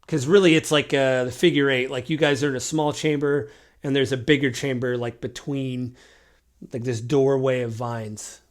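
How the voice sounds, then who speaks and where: A man's voice: medium pitch, steady tone, normal speed. A man running a tabletop game as game master, narrating loosely with lots of fillers. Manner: loose, rambling, full of fillers.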